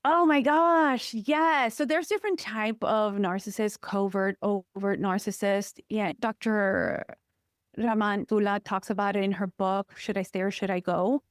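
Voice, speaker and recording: A woman counselor, a guest on an interview podcast, telling personal stories in an expressive, emphatic way. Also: medium pitch, measured pace, no echo, clean studio sound. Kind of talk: personal conversational interview talk.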